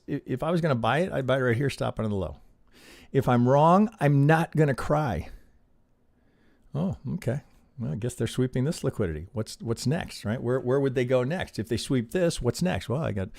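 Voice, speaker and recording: A man's voice: mid-range voice, vocal fry, a little mellow, dry recording, clean studio sound. A man teaching on a live stream as he reviews trading charts, thinking aloud and checking in with a constant "right?". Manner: peppers talk with rhetorical questions and "right?".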